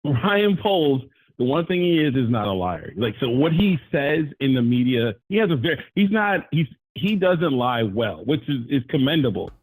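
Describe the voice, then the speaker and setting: A man calling into a live sports talk show, rambling and animated, often jumping his voice up to quote people. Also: mid-range voice, moderate pace, dry recording, poor audio. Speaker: caller.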